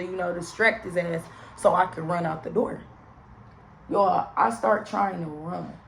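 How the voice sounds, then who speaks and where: A young woman with a creaky, gravelly edge tells a personal story, talking straight to her viewers and swearing freely. She stays in a middle pitch and keeps an animated storytelling delivery. Faint noise sits under the voice. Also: rough recording. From St. Louis area, USA. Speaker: vlogger. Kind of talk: storytime vlog.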